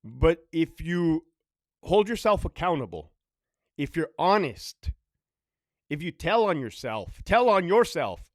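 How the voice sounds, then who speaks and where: A man's voice: a little high, big pitch swings, slow, no echo, clean studio sound. A former prison officer telling stories in a casual monologue, blunt and profane, hammering his points by repeating them. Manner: blunt, profane, repetitive ranting.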